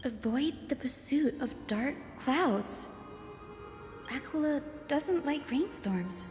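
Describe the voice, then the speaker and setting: Thoughtful young investigator, mellow. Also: female voice, high voice, lively intonation, slow pace, soft background music. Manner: thoughtful and reasoning. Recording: echoey with long reverb.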